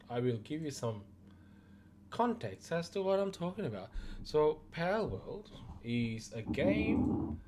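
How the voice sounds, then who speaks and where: Slow-talking man with a tiring voice. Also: medium pitch, background noise. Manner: relaxed, rambling, many fillers and restarts. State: losing his voice, coughing. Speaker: gaming news host. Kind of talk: casual commentary to viewers.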